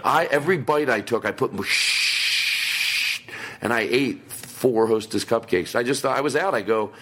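A man's voice: medium pitch, brisk, a bit bright. Rambling man chatting into a recorder. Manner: rambling, restarts, laughs while telling stories. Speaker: podcast co-host. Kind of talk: casual chat. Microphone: handheld voice recorder on a table.

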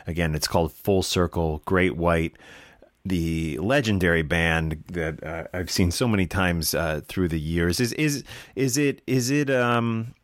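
Deep-voiced man hosting a radio interview. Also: measured pace, no room sound, clean studio sound. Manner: conversational, short affirmations. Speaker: radio show host. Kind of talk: interview questions.

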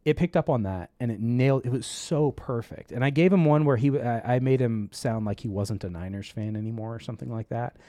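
A man's voice: medium pitch, brisk, few pauses, dry recording. A man hosting a casual tech talk show, telling stories and acting out the voices in them. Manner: animated storyteller, acts out quoted voices.

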